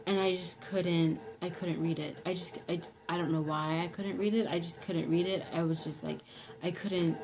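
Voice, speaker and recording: A woman's voice: lowish voice, fairly even intonation, normal speed, rough recording. A young woman telling a personal story in a rambling, casual way, full of "like" and "you know". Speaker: vlogger.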